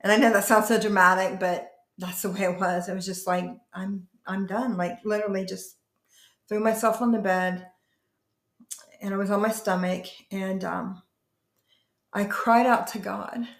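A woman pastor telling her personal testimony in an interview, earnest and emotional, often halting and restarting. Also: mid-range voice, steady tone, reverberant.

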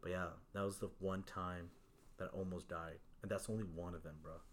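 A man's voice: sits low, level tone, brisk, a little hiss or hum. A young man telling a story in casual chat, laid-back and swearing freely, with lots of "like" and "bro".

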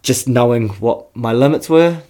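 A man chats casually, laid-back and quick to laugh, swearing freely as he tells stories. His voice sits at an ordinary middle pitch. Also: warm tone. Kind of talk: casual podcast chat.

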